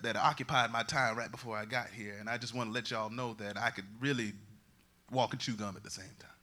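A man preaching a lively sermon as pastor, swinging from loud proclamations to quiet, joking asides. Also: medium pitch. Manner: humorous, conversational asides.

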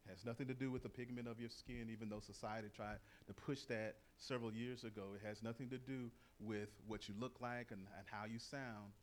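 Lively conversational preacher, a man. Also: mid-range voice, fairly quick, hardly any pauses, slight background noise. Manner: lively, conversational, acts out quoted voices. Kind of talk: sermon.

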